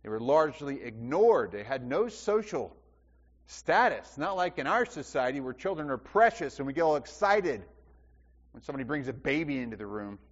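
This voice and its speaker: A man's voice: mid-range voice, very animated, normal speed. A man preaching a sermon, asking the congregation questions and repeating phrases for emphasis. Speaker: pastor. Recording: dull sound with long hall reverb.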